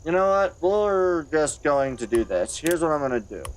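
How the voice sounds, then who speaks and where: A man's voice: fairly high pitch, very animated, normal speed. A man streamer ending his stream, stressed and irritated, talking to himself as he sets up a raid. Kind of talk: casual live-stream sign-off.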